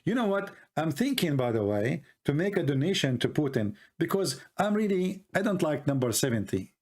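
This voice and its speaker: Middle Eastern man with an Arabic accent and a slightly high voice, delivering a mocking, deadpan-ironic rant. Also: moderate pace. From Middle East. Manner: mocking, ironic, rambling asides. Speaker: online commentator. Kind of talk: sarcastic monologue.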